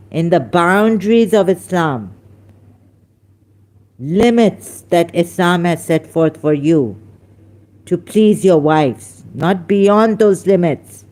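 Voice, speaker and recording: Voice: mid-range voice, a little mellow. A speaker hosting a heated religious debate, scolding a caller with emphatic rhetorical questions and sounding angry. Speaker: online debate host.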